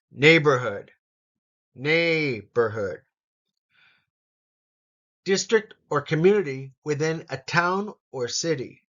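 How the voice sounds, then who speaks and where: A man teaching an English vocabulary lesson, saying each word slowly and repeating it for learners. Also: fairly high pitch, dull audio. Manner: slow, careful pronunciation drills with repetition.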